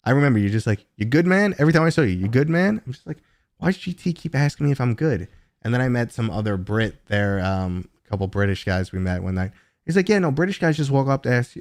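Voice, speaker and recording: A man's voice: dry recording, clean studio sound. A man hosting a casual live stream, rambling through viewer questions with lots of tangents and fillers. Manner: jumps to a much higher, louder pitch when greeting viewers.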